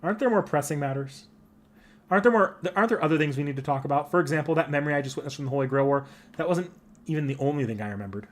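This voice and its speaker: Man narrating a game in soft first person. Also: fairly high pitch, expressive, racing. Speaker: anime club member narrating a game. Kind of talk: reading a visual novel aloud.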